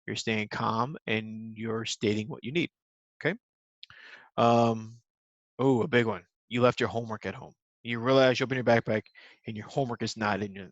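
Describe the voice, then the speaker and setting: A man's voice: lowish voice, fairly bright tone, no room sound, muffled recording. A man teaching a recorded lesson to young children, patient and simple in his wording, with many ums.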